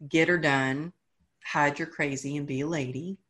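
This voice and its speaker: Texan woman guest, thirties, somewhat low voice, earnest storyteller. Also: normal speed. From Texas. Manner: earnest, animated retelling of dialogue. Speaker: guest, author. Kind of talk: conversational interview storytelling.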